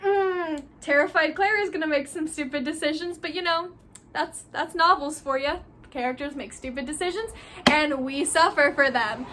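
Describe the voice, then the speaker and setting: Brief: high-voiced young woman, book vlogger, bright and gushing, faint room hiss. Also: normal speed. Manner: gushing, animated, full of "like". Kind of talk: casual book review chat.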